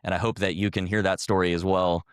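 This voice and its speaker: A man's voice: low-pitched, level tone, fast talker, clear, resonant tone, no room sound, studio quality. A man in his thirties, a former army officer, telling an earnest, reflective story as a podcast guest.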